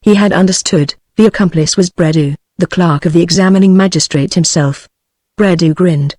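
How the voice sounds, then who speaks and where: A text-to-speech woman's voice with a British accent, narrating an audiobook in an even synthetic delivery. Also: fairly low pitch, moderate pace, no room sound, clean studio sound. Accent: British English.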